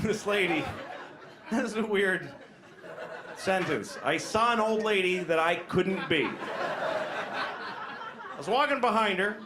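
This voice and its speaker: A man's voice: sits high, background noise. A man in his forties doing a crude, self-deprecating stand-up set in a comedy club. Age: 40s. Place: comedy club with a laughing crowd.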